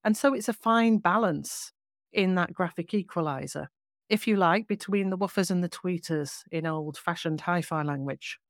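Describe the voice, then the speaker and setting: A woman voice coach explaining vocal technique in a clear, measured teaching manner. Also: lowish voice, no room sound, studio quality. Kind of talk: podcast teaching.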